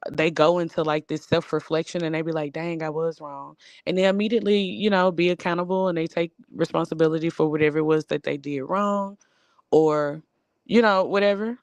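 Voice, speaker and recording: A woman with a Southern US accent co-hosting a casual barbershop-style chat, talking in a loose, animated way full of fillers. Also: low voice, dry recording. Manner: animated, drawling, lots of fillers. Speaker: podcast co-host.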